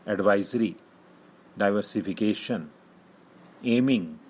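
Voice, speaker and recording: A man, a shorthand teacher, dictating single words slowly with steady pauses between them. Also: on the low side, a little hiss or hum, rough recording. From India. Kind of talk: slow word-by-word dictation.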